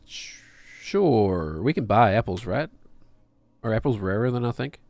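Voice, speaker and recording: Thinking out loud over his game, this streamer chats casually with himself and his viewers. He has a gravelly, darkish, lowish voice that is animated but a little slow.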